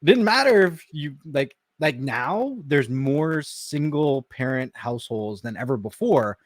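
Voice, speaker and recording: A man's voice: expressive, unhurried, no echo, clean studio sound. A man from Canada co-hosting a podcast, talking frankly and reflectively in casual chat. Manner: reflective, talks frankly, often drops low and quiet. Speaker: podcast co-host.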